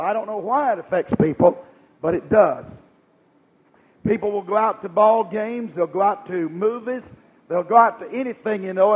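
A man's voice: sits high, husky, narrow, tinny audio. A man preaching a revival sermon in a folksy manner, putting rhetorical questions to his congregation and reading scripture aloud. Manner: reads scripture aloud in a rising cadence.

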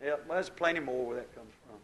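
A man preaching a sermon, folksy and exuberant, swinging from hushed asides to shouted praise. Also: mid-range voice, quick pace, low-quality recording. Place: church service.

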